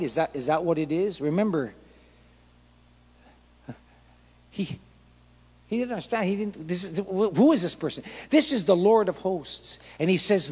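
A man's voice: on the high side, expressive, a little slow, pauses often, a little mellow, slightly rough, in a large hall. A male pastor preaching a passionate sermon, acting out prayers and dialogue with rising intensity.

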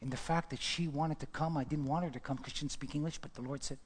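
A man preaching a sermon and telling a story, swinging between loud exclamations and hushed whispers. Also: a little high, fairly even intonation, fast talker, slightly rough. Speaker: pastor. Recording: long hall reverb.

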